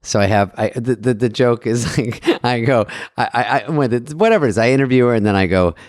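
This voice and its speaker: A man's voice: medium pitch, fairly quick, no room sound, studio quality. A middle-aged man co-hosting a podcast, telling stories in casual chat, acting out quotes with a lot of swearing. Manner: animated anecdote-telling with acted-out quotes and swearing. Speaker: podcast co-host.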